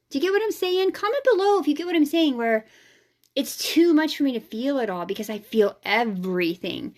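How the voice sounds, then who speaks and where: A woman with a fairly high voice hosts her own vlog as an energy healer. She talks in a frank, casual way and puts strong emphasis on her points, dropping the odd swear word. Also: lively intonation, fairly quick, a little mellow. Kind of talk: casual spiritual vlog talk.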